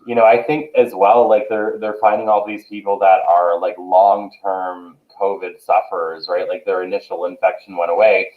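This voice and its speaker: A low-pitched man chats on a show, agreeing readily and padding his talk with fillers. His voice comes through a thin, phone-like line. The room around him is echoey. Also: flat delivery, moderate pace, few pauses. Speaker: co-host. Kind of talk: casual chat.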